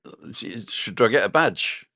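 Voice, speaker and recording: A man's voice: lowish voice, expressive, moderate pace, sharp tone, no room sound, studio quality. A man co-hosting a casual live stream from his balcony, rambling chattily and reading out viewer comments. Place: home balcony.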